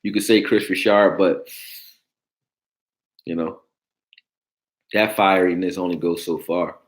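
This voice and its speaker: Deep-voiced blunt sports talk host. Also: male voice, fairly even intonation, slow pace. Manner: blunt, profane, joking, reacting to chat. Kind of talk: casual sports talk livestream.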